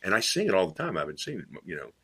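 A middle-aged man from Tennessee spins long, rambling anecdotes in a casual talk, stumbling through fillers and restarts as he goes. His voice is somewhat low yet bright and forward, with a husky, slightly rough edge. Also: big pitch swings, very fast.

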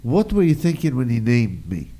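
A woman's voice: a bass voice, big pitch swings, normal speed, crowd noise. A woman hosting a casual chat, asking her guest questions with curiosity. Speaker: host.

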